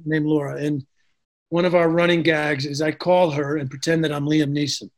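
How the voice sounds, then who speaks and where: A man's voice: fairly high pitch, level tone, moderate pace. A middle-aged man, an actor, telling stories in a casual interview, chatty with lots of restarts and fillers. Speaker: actor, guest.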